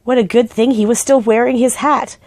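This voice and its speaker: A woman gently and expressively reading a children's book aloud. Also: a little high, fairly even intonation, brisk, no echo. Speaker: storybook reader.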